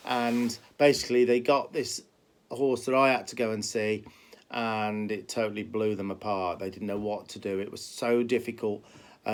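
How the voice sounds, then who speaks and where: A man with a softened Brummie accent talks casually to the camera as a horse trainer. He rambles, circles back on his words and leans on "uh" and "you know". His voice sits at an ordinary middle pitch. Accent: Birmingham (Brummie), softened. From Birmingham, England. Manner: rambling, repeats words, many fillers. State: limping.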